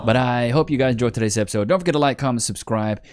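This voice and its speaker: A man's voice: medium pitch, rapid-fire, noisy background. A man hosting a reaction stream, giving blunt, slangy, emphatic commentary straight to his chat. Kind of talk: casual commentary.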